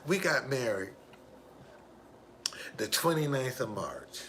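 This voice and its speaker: A man's voice: mid-range voice, very animated, slow pace, a bit bright, a little hiss or hum. A man telling his own life story in an emphatic way, repeating his key phrases for weight. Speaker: driver. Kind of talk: personal storytelling monologue.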